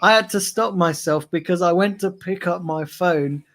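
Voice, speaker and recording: A man's voice: sits high, moderate pace, a bit bright. A man talking in a casual tribute chat, hesitant and heartfelt, with many restarts. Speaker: regular on fan channel stream.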